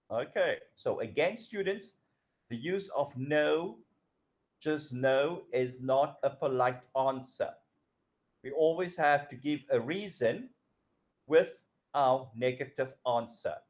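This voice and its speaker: A middle-aged man teaching a grammar lecture, explaining slowly and acting out example dialogues. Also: a little high, expressive. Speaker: English teacher.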